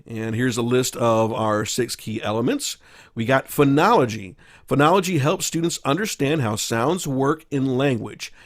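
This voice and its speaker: A man with a mid-range voice, talking through a recorded teaching lesson. He explains each point in turn, pausing on fillers and correcting himself now and then as he goes. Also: mid-range voice.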